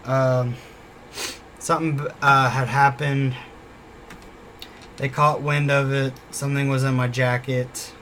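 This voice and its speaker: A man's voice: medium pitch, flat delivery, slow, long pauses, fairly bright tone, a little hiss or hum. A man telling a casual story about a former job, rambling and swearing often, repeating himself as he goes. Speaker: former store worker.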